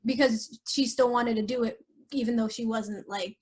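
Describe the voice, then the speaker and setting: A young woman on a podcast, telling a painful personal story in an emotional, halting way with many fillers. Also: fairly high pitch, fairly even intonation. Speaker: podcast host.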